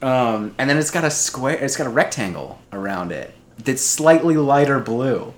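A man's voice: medium pitch, lively intonation, normal speed, heavy background noise. A man co-hosting a podcast in casual chat, rambling and poking fun at himself, laughing often. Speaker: podcast co-host.

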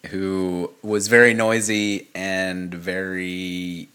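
A man's voice: low voice, flat delivery, very slow, bright, forceful tone. A man co-hosting a podcast in casual chat, making dry, wry remarks. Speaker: podcast co-host.

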